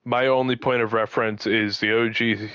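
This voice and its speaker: A man's voice: lowish voice, level tone, moderate pace, a bit bright, smooth, no room sound. A man in casual co-host chat, laid-back and wry, swearing casually. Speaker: podcast co-host. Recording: dry, muffled lo-fi audio.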